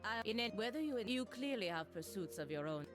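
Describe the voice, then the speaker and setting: An actress voicing a sly, seductive female character in a fantasy video game, with a low, unhurried delivery. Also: very animated, over music, natural voice.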